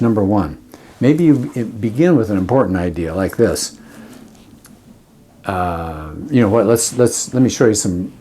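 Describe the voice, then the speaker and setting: A man's voice: mid-range voice, mellow, husky. A man teaching an English writing lesson in a conversational lecture style, walking through example sentences step by step. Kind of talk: classroom lecture.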